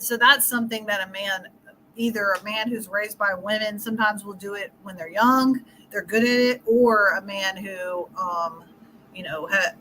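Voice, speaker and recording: A woman's voice: medium pitch, pushed and bright, slight background noise, rough recording. A middle-aged woman relationship coach talking casually in an interview, explaining with everyday scenarios and laughing often.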